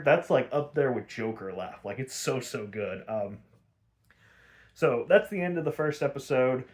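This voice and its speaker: A man's voice: on the high side, darkish tone. Laid-back, swearing man recapping an episode. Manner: laid-back and profane, with frequent laughs and filler words. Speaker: podcast host.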